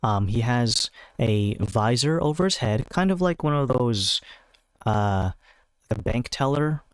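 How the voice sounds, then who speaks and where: A man running a tabletop game as game master, describing scenes in an unhurried way with many fillers. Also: medium pitch, expressive, clear, resonant tone, no room sound, rough recording.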